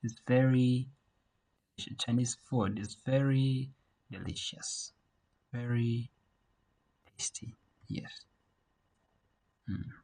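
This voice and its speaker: A man teaching a beginner Mandarin class over a video call, saying words slowly for learners to repeat. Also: medium pitch, fairly even intonation, gravelly, mellow, rough recording. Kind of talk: online language lesson.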